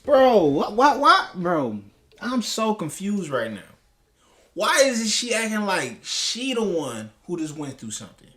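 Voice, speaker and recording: A man's voice: high-pitched, huge pitch swings, unhurried, fairly bright tone. A man reacting to a clip, talking in a heated, profane, rambling way with many restarts. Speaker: commentary host. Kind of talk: reaction commentary.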